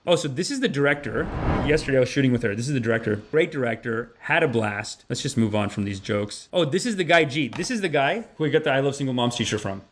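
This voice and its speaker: A man in casual vlog storytelling, rapid and animated, with quick restarts as he talks. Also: mid-range voice. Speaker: comedian and podcast host.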